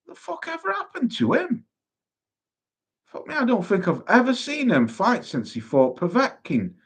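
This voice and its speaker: A man hosting a casual boxing chat stream, sweary and quick to laugh while reading out viewer comments. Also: on the high side. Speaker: boxing livestream host.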